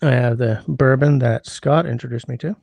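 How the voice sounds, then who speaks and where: A Canadian man with a mid-pitched, gravelly, congested voice hosts a relaxed livestream from home at normal speed. He rambles, greets viewers by name, and hums while scrolling chat, with dry, close sound and no room noise.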